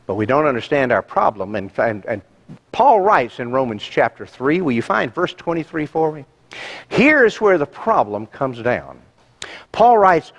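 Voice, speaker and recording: Male pastor, slightly high voice, animated pulpit delivery with rhetorical questions. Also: moderate pace, dull audio. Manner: emphatic, rhetorical questions to the congregation. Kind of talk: sermon.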